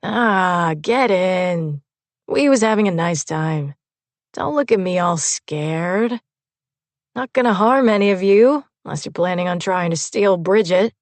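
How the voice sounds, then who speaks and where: A woman voicing a calm, folksy armed man who speaks plainly and unhurriedly in a storybook reading. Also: on the low side, a little slow, no room sound. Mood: folksy, matter-of-fact.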